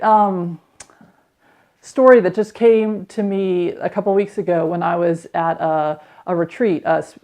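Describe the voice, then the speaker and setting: A woman's voice: fairly low pitch, darkish tone. Woman telling a candid personal story. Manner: candid, reflective, with quick acted quotes. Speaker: podcast host.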